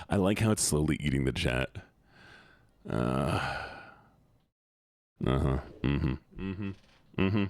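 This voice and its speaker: A man's voice: rumbling low, lively intonation, takes it slowly, pauses often, darkish tone, no echo. A young man live-streaming, joking with his chat in a casual, profane way.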